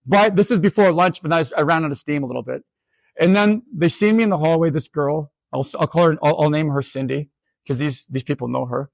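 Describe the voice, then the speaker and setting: A man in his forties from Canada, giving a humorous storytelling talk as a keynote speaker, animated and self-mocking with quick asides. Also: a little high, creaky, no echo. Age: 40s.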